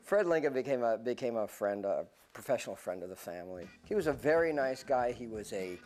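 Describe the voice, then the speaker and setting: A man's voice: medium pitch, animated, a little fast, a little mellow. A man recalling a film production in an interview, stumbling now and then as he talks. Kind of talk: interview recollection.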